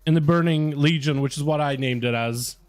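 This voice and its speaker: A man's voice: fairly high pitch, a little fast, darkish tone, smooth. A young man chatting casually with viewers on a gaming livestream, loose and full of swearing. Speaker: gaming streamer. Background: faint music.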